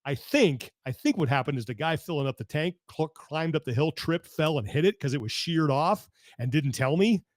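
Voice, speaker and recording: A man with a slightly high voice hosts a podcast over a video call. He talks in a dry, close sound and tells a long story with an animated, exasperated energy. He restarts his sentences often. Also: moderate pace, few pauses, no echo. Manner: animated, exasperated rambling with self-interruptions. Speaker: podcast host. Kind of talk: casual storytelling chat.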